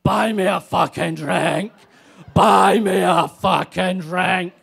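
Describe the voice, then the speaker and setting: A man voicing a drunk, belligerent woman in a bar, shouting her demands at him. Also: high-pitched, fairly even intonation, slow pace, creaky, slightly rough, full character voice.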